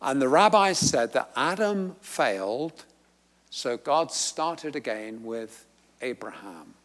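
A man's voice: mid-range voice, animated, slow, a bit bright. A man teaching a Bible study in a church, talking conversationally and rising into emphatic bursts. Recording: long hall reverb.

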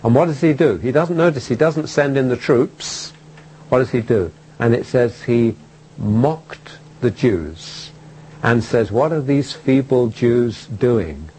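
A man preaching a sermon in an emphatic way, pausing between phrases, repeating key words and asking rhetorical questions of his listeners. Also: mid-range voice, a little mellow, slight background noise, rough recording.

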